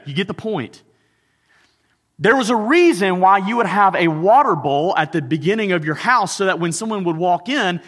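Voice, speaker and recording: A man preaching a sermon as a pastor, swinging between loud emphasis and hushed intensity. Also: fairly high pitch, big-room sound.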